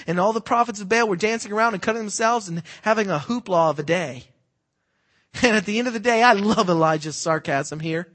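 A man with a fairly high-pitched voice delivers a sermon. He quizzes his listeners with fill-in-the-blank questions. He drops to a hush and then rises to loud, emphatic preaching. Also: fairly quick. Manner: swings between hushed and loud emphatic preaching.

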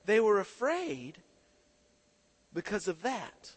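High-voiced preacher quizzing his congregation. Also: huge pitch swings, slow pace. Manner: questions the congregation, call-and-response. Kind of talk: sermon. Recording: echoing hall reverb.

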